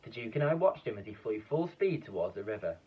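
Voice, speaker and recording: A man reading a children's book aloud in a lively, expressive way, with a few slips and restarts. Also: lowish voice, fast talker, slightly rough. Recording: dull, distant lo-fi recording.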